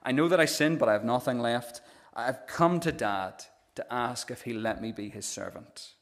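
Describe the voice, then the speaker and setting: A man's voice: medium pitch, normal speed, lightly acted. A male preacher playing a remorseful younger brother who stammers and pleads for a chance to come home. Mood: contrite.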